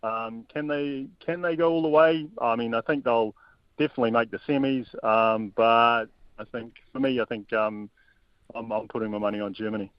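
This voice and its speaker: A man giving football analysis as an interview guest, hesitant, with many pauses and ums. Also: mid-range voice, fairly even intonation, clean tone, no room sound, muffled recording.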